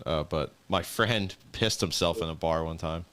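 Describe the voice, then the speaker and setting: A man on a podcast telling a story in a hesitant, low-key way. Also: moderate pace, fairly bright tone, clear, resonant tone. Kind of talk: casual podcast chat.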